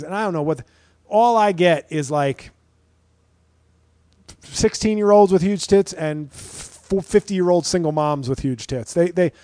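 Male comic, 30s, solo podcast host; slightly high voice, dry close sound, rambling and profane. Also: darkish tone, no echo. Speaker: podcast host and stand-up comedian. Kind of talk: casual solo podcast monologue.

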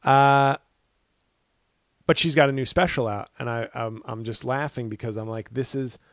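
A man's voice: mid-range voice, steady tone, normal speed, no echo. A man hosting his own podcast, a comedian who works through his opinions in a loose, rambling monologue and keeps doubling back on his words. His voice sits in a middle register. It is recorded close and dry, with almost no room sound. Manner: opinionated, rambling with many restarts and fillers.

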